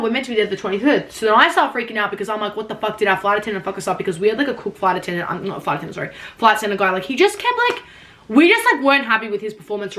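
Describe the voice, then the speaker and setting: Young woman, vlogger, rapid rambling storytime, lots of "like", casual swearing. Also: mid-range voice, a bit bright. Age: young adult.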